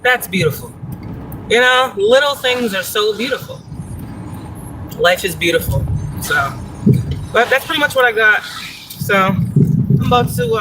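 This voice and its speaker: A woman's voice: mid-range voice, noisy background. A woman chatting casually on a live stream while driving, profane and rambling, laughing often. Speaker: spiritual vlogger. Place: in a car, driving. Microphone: phone.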